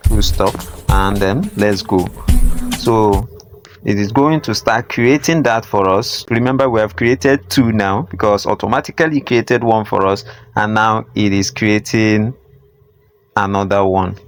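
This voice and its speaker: Low-voiced man walking through a tutorial. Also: a little slow, music in the background. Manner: repetitive, filler-heavy, instructive. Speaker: tutorial host. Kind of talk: step-by-step screen tutorial.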